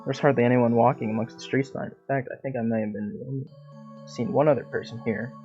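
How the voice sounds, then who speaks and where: A man reading a story game aloud with expressive, swearing asides, over a dull lo-fi recording with faint game music. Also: mid-range voice, fast.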